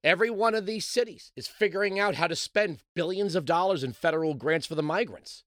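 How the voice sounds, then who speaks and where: A man hosting a talk radio show, delivering a sarcastic, mocking monologue that swings between loud outbursts and low mutters. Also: fairly quick, no room sound, studio quality.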